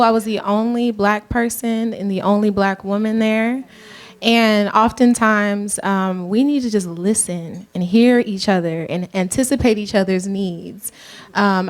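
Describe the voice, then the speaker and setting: A woman from Georgia with a light Southern accent, speaking earnestly and reflectively as a panelist at a live event, often calling the room "y'all.". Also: medium pitch. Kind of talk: panel discussion.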